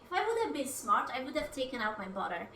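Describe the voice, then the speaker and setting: A woman's voice: high voice, very animated, fast talker, a bit bright, far from the mic, slight background noise. A woman streaming herself cooking at home, chatting casually, rambling, swearing often and talking to her food and her viewers. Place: home kitchen.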